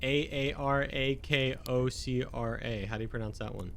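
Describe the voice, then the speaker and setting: A man's voice: medium pitch, moderate pace, a bit bright, slight background noise. A man co-hosting a casual podcast as a player; he laughs a lot and digs in stubbornly when he debates.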